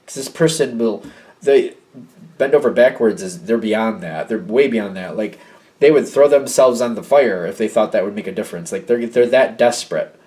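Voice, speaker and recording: A man's voice: mid-range voice, darkish tone. Rambling man giving a tarot reading. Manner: rambling and emotional, often acting out the people in the reading. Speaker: tarot reader. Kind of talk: casual intuitive tarot reading monologue. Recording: slightly distant mic with faint noise.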